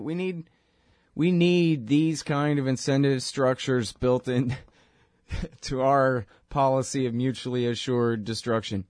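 A man's voice: mid-range voice, unhurried, darkish tone, no echo, clean studio sound. A man hosting a political talk show, rambling sarcastically through the news with lots of fillers. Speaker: radio show host. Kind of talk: casual political talk monologue.

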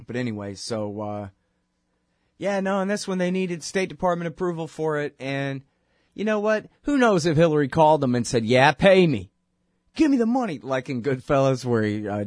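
A man's voice: mid-range voice, brisk, a little mellow, no room sound. Male talk host, sarcastic and rambling; dry, close sound. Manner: rambling and sarcastic, many fillers. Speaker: radio show host. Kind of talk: casual political talk monologue.

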